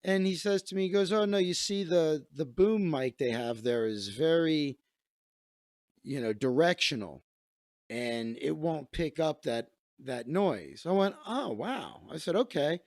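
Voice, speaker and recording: A man's voice: fairly high pitch, expressive, measured pace, darkish tone, dry recording, clean studio sound. A man hosting a comedy show, telling a rambling story in a casual monologue with asides and laughter. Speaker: comedian host.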